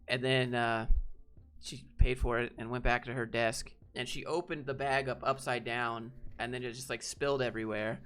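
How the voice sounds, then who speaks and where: A young man hosting a live stream, telling rambling, animated anecdotes full of fillers. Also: medium pitch, moderate pace, clear, resonant tone, soft background music. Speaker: channel host. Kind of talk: casual storytelling on a live stream.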